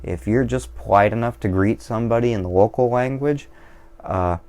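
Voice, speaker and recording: Brief: male vlogger, deep and gravelly, loose digressive monologue, swears freely, pokes fun at himself. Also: normal speed, a little mellow. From Washington State, USA. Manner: digressive, profane, self-deprecating. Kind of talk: casual rambling monologue over beer.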